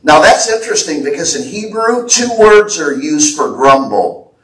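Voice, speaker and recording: A man's voice: on the high side, sing-song, normal speed, a bit bright. Fervent preaching man, echoey church. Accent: American. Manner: fervent preaching, relaying prophetic words. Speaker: pastor. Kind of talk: sermon. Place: church sanctuary. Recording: echoey church hall, voice from a distance.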